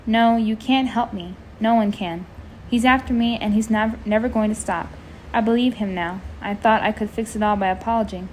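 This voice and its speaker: A woman voicing a frightened, angry teenage boy in a storybook reading, loud and desperate. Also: mid-range voice, normal speed, slight background noise, close to an everyday voice. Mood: desperate defiance.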